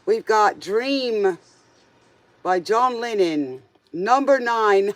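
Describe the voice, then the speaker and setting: A man's voice: sits high, animated, extremely slow, no echo. A man doing a casual tarot reading, chatty and playful, with joking asides. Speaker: tarot reader.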